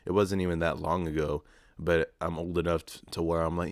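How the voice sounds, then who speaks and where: Young man, early 20s, very deep voice, dry close mic, profane rambling podcast chat. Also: level tone, brisk, no echo. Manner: profane, rambling, self-mocking storytelling. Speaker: podcast host. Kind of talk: casual solo podcast monologue.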